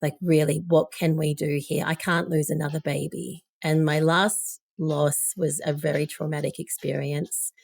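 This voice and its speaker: Low gravelly woman telling a personal story. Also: little pitch movement, moderate pace, few pauses, darkish tone, no room sound, studio quality. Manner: emotional, candid, quoting others. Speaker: guest.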